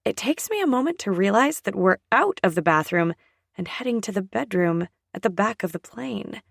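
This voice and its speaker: A woman narrating a first-person romance audiobook in a soft, breathy, often half-whispered voice. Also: medium pitch, sing-song, moderate pace, no room sound, clean studio sound.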